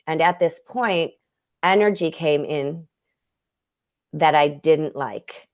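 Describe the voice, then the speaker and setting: Female guest healer with a low voice, earnest and heartfelt, talking over a video call. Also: slow, long pauses. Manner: earnest, emotional storytelling with many restarts. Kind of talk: personal storytelling in conversation.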